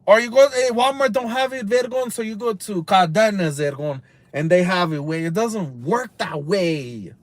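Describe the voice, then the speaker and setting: A man ranting on a livestream, rambling and cursing, dropping Spanish slang, swinging from loud outbursts to low mutters. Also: normal speed, hardly any pauses, no room sound. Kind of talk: casual rambling livestream rant.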